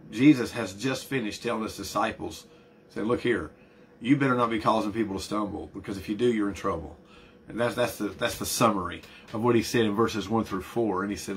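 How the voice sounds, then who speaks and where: A man's voice: on the low side, fairly bright tone, a little hiss or hum. A middle-aged man preaching a conversational sermon as pastor, often repeating words and building emphasis.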